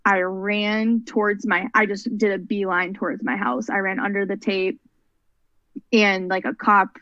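Appearing on a podcast as a guest, a young woman who advocates for mental health tells a personal story earnestly and at length, rambling as she goes. She speaks unhurriedly in a steady, mid-range, slightly bright voice. The audio is dull, lo-fi, and dry, with no room sound.

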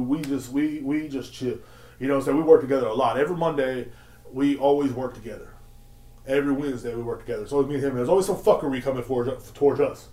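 A young man hosting a podcast, ranting in a rambling, profane storytelling way, laughing often and acting out quotes. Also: medium pitch. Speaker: podcast host. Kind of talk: casual solo rant. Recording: echoey room.

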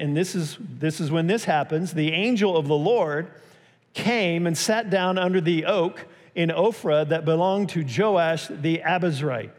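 A man's voice: fairly high pitch, big-room sound. A man preaching a sermon as pastor, telling a story and acting out its quotes with a raised voice.

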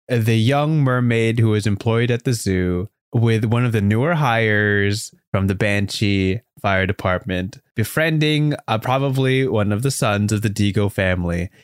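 A man co-hosting a casual podcast, an animated storyteller who often slides into character voices. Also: on the low side, a little slow, clean tone, dry recording, clean studio sound. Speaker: podcast co-host. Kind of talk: casual chat.

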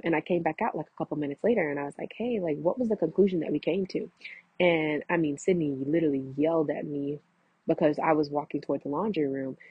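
A woman's voice: low-pitched, slightly rough, no room sound. A young woman vlogging, telling a long story casually and animatedly acting out what others said. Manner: animated, acts out quoted voices, many fillers. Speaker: vlogger recounting roommate conflict. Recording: muffled lo-fi audio.

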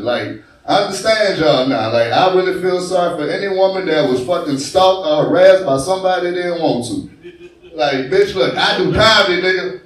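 On a bar stage, a swaggering, crude young comedian from New Orleans delivers his set animatedly at a moderate pace in a high voice with his own accent. The live recording is taken from far off, leaving the sound very echoey as it booms around the room.

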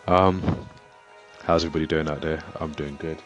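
A man's voice: very deep voice, fairly even intonation, fairly quick, soft background music. A man hosting his own vlog, greeting viewers with a hyped, upbeat manner. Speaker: vlogger. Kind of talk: casual vlog intro.

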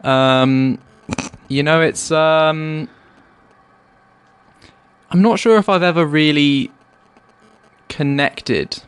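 A man co-hosting a comedic podcast, musing in a hesitant, deadpan way. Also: fairly high pitch, very slow, pauses often, clear, resonant tone, no room sound. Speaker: podcast co-host. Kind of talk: casual comedic podcast chat.

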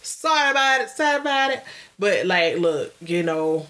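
A woman co-hosting a casual podcast, chatting in a playful, animated way and laughing often. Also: lowish voice, normal speed. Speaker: podcast co-host. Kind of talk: casual chat.

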